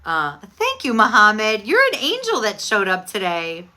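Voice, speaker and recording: A woman's voice: mid-range voice, huge pitch swings, a little slow, pushed and bright. A middle-aged woman host in casual, candid chat, talking expressively about her week.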